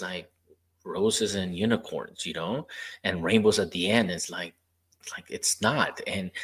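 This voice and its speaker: A man's voice: low voice, fairly bright tone. A man hosting a podcast interview, chatting casually and telling stories from his years as a rehab therapist, acting out the dialogue as he goes. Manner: storytelling, acting out quoted dialogue. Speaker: podcast host.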